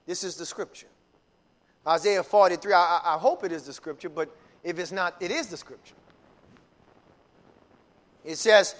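High, bright-voiced preacher man. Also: normal speed, long pauses. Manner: builds from low teaching to shouted, fervent preaching. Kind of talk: sermon.

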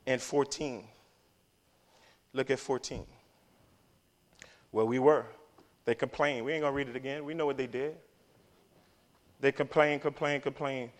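A man preaching a sermon, swinging from hushed remarks to shouting and tossing in joking asides. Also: mid-range voice, steady tone, unhurried, pauses often.

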